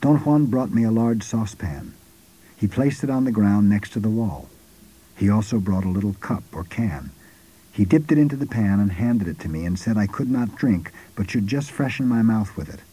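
Brief: male narrator, measured scripted storytelling, deep mellow husky voice. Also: lively intonation, rough recording. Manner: measured, unhurried first-person storytelling.

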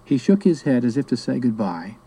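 A man reading a memoir-style story as narrator, in a measured, reflective way. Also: medium pitch, very animated, mellow, husky, rough recording. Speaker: audiobook narrator. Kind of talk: scripted narration.

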